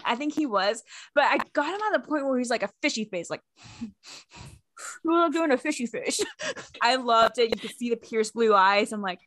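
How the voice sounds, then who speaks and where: A young woman co-hosting a fan podcast, telling animated stories in casual chat and laughing often. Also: on the high side, fairly quick, dry recording, clean studio sound. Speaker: podcast co-host.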